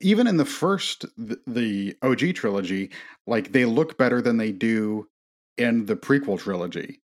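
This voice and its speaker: A man's voice: medium pitch, lively intonation, normal speed. A man talking casually on a movie podcast, rambling through strong opinions with frequent "like" and "um". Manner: rambling, opinionated, with many fillers. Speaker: podcast co-host.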